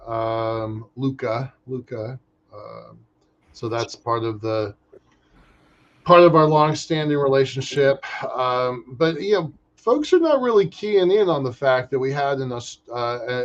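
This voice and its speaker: A man co-hosting a podcast, chatting casually about space industry news in an animated way, often restarting his sentences. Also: mid-range voice. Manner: animated, halting with restarts and fillers. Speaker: podcast co-host. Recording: muffled lo-fi audio.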